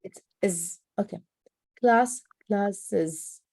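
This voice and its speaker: A woman practising pronunciation, slowly and carefully repeating words and sentences. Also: medium pitch, vocal fry, a little mellow, husky, no echo. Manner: slow, careful repeating and reading aloud. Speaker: language student.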